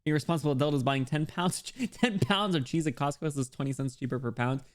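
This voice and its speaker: A man's voice: on the high side, quick pace. A young man chatting casually with his chat while streaming a game, laughing often and reading messages aloud.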